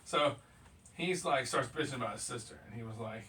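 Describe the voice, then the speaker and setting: A man's voice: mid-range voice, very fast, creaky, bright, forceful tone. A man hosting a casual podcast chat, laughing often and swearing as he tells stories. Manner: laughing, profane storytelling. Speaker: podcast host. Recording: distant mic with faint noise.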